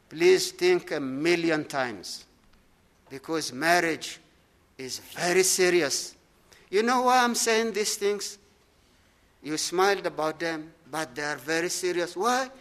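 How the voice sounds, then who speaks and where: Man, pastor preaching, high voice, slow emphatic delivery, rhetorical questions. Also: expressive, fairly bright tone. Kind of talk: sermon.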